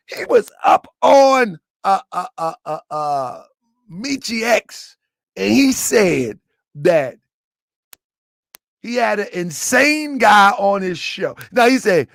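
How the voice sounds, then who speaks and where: A man hosting his own channel, ranting loudly and laughing through animated commentary. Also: sits high, slow pace, creaky, pauses often, no echo, studio quality. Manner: loud, laughing, animated rants. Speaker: channel host.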